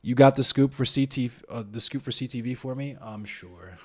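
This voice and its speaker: A man's voice: mid-range voice, normal speed. A man streaming live, arguing his point bluntly and profanely, talking straight to his chat and throwing out rhetorical questions. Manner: profane, blunt, addresses chat and viewers directly. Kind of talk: heated live-stream commentary.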